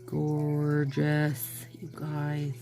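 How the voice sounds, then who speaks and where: A woman's voice: low-pitched, monotone, drawn-out words, mellow, soft background music. A woman chatting casually to her viewers as she reviews nail products, with exasperated asides and talk aimed straight at the audience.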